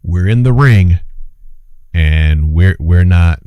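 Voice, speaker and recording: A man's voice: low-pitched, slow pace, clear, resonant tone, no room sound, dull audio. A man hosting an impassioned opinion monologue, preachy and urgent, repeating his phrases for emphasis and calling his listeners brothers and sisters. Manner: urgent, exclaiming. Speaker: host and commentator.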